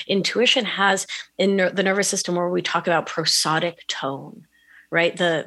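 Woman, podcast guest, low voice, animated, conversational, keeps asking "right?". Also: moderate pace. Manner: warm, animated, says "right?" often. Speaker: podcast guest, wellness coach. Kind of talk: conversational interview.

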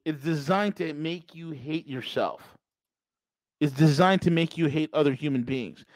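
A man's voice: a little high, a little slow, darkish tone, no echo, low-quality recording. A man hosting a podcast, delivering a sarcastic, mocking political monologue with emphatic bursts. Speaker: podcast host.

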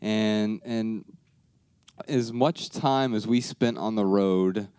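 An American man speaking at a live Q&A, calmly explaining his view. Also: on the low side, slow, smooth, no room sound. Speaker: panelist and co-host of the Q&A. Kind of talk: live Q&A talk.

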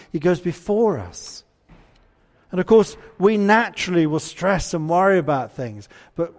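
Male preacher, slightly high voice, chatty sermon delivery, church reverb. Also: a little mellow. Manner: conversational, asks the congregation questions.

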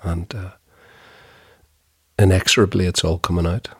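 A middle-aged man co-hosting a podcast, talking in a halting, wry way with chuckling asides. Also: low voice, little pitch movement, slightly rough, dry recording, clean studio sound. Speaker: podcast co-host. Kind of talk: casual chat.

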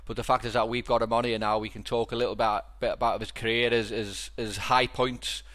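His mid-range voice is a bit bright, moves little in pitch, and comes out briskly. The speaker is a podcast host from Liverpool with a Scouse accent, rambling through casual stories with many restarts and repeated words.

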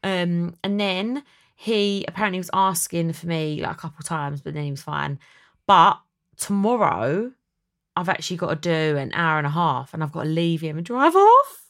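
A woman's voice: expressive, a bit bright. A young woman hosting a podcast, chatty and dramatic in a casual chat. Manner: chatty and dramatic, quick swings in pitch. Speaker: podcast host.

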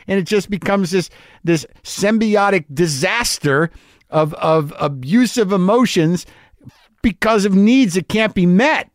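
A man talks through a confessional comedic monologue, rambling and poking fun at himself. His pitch sits a little high and swoops all over the place. The sound is dry and close with no room echo. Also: animated, moderate pace. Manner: rambling, self-deprecating, with many restarts.

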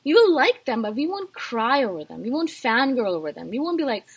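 A woman's voice: fairly high pitch, very animated, fairly quick, creaky, hardly any pauses, husky. A woman hosting her own podcast, talking casually and animatedly in a chatty, self-deprecating way. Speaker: podcast host. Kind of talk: casual solo talk.

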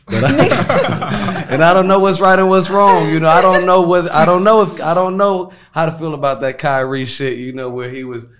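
A man's voice: high voice, moderate pace, few pauses, a bit bright. A man talking in a loose, rambling casual chat, full of fillers and repeats. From Chicago.

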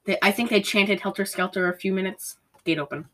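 A woman talks in a casual podcast chat, her voice in a middle pitch. She rambles animatedly and acts out bits of scenes as she goes. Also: fairly quick, fairly bright tone, rough recording. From Polish heritage. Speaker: podcast co-host.

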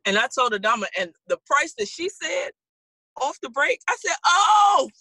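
A woman co-hosting a chatty podcast, animated and quick to laugh. Her voice is bright and sits fairly high, with a lot of swing in pitch. The sound is close and dry. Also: poor audio. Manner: animated storytelling, laughs often. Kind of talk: casual chat.

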